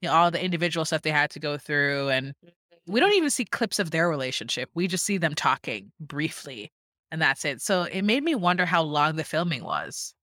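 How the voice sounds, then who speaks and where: Woman podcast co-host, bright tone, dry close mic, chatty storyteller. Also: sits low, big pitch swings, fairly quick, dry recording. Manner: chatty storytelling, acting out quotes. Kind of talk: casual chat recapping a show.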